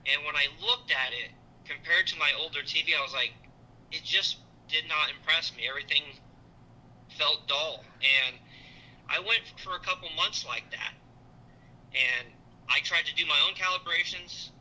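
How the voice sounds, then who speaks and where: A man in middle age talks at length as a guest, his tone very bright and a touch high. He rambles, stops, and restarts his sentences. It sounds like an unscripted chat. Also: normal speed, slight background noise, rough recording. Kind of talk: casual call-in chat.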